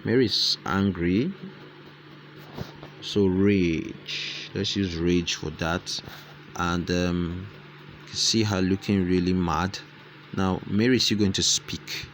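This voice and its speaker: A man's voice: low-pitched, fairly even intonation, slow, fairly bright tone, a little hiss or hum. A man hosting a casual screen-recorded tutorial, thinking aloud and repeating his phrases as he dictates lines and punctuation. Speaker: tutorial host.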